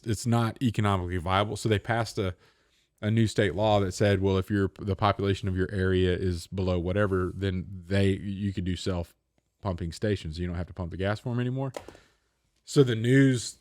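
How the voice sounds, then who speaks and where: Animated man telling a podcast story. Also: lowish voice, brisk, no room sound. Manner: animated storyteller, acts out other people's lines. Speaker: podcast co-host. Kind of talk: casual storytelling chat.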